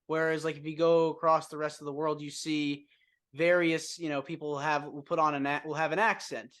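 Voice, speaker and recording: A man's voice: on the high side, level tone, brisk, a bit bright. Upbeat male podcast host. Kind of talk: interview podcast hosting.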